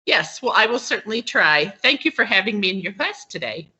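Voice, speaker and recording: Over dull, lo-fi video call audio, a woman with a mid-range voice gives an online English pronunciation lesson as a guest, teaching word stress. She talks a little fast in a pushed, bright tone with big pitch swings, explaining patiently step by step and checking in with "okay?" often.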